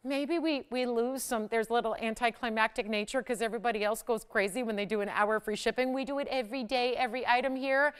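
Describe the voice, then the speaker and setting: On a live shopping channel, a woman smoothly promotes jewelry, chatting her way toward persuasive, excited crescendos.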